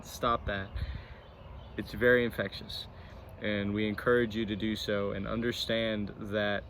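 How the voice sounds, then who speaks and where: A man's voice: lowish voice, fairly bright tone. A man co-hosting a casual Bible discussion outdoors, rambling and self-deprecating with frequent restarts. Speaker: church channel co-host. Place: outdoors near a road. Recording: faint traffic noise outdoors.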